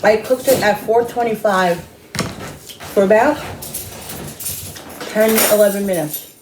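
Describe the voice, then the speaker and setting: A woman's voice: medium pitch, unhurried, noisy background. A woman hosting a casual home cooking vlog, chatting to viewers as she tastes her food in her kitchen. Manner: chatty, talks to viewers while eating. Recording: echoey kitchen with clattering dishes.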